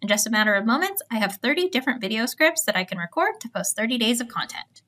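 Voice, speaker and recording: A woman's voice: fairly high pitch, quick pace, heavy background noise. A woman reading a scripted step-by-step tutorial voice-over. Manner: steady step-by-step explaining.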